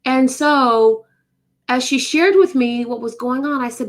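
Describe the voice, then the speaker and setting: A woman's voice: high voice, unhurried. A woman from the United States, hosting a live motivational talk and speaking emphatically straight to her viewers. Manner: emphatic, repeats phrases, talks to viewers. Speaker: host of a live motivational show.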